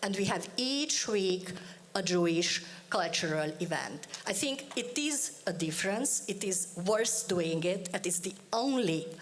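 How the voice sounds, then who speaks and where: Female panelist, very slow and deliberate, emphatic delivery. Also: mid-range voice, lively intonation. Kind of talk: conference panel speech.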